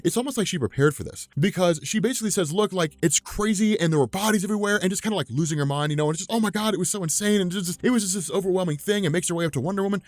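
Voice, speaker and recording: A man casually recapping a comic storyline, talking fast with lots of fillers and quickly acting out lines of dialogue. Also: on the high side, no room sound. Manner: fast, animated, with many fillers and quick voiced quotes. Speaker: comics explainer host.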